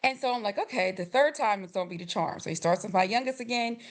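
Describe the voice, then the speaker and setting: Middle-aged woman, podcast guest, animated storytelling, voices quoted people, frequent laughter. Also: mid-range voice, quick pace. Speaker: podcast guest, grief coach. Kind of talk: storytelling in a conversational interview.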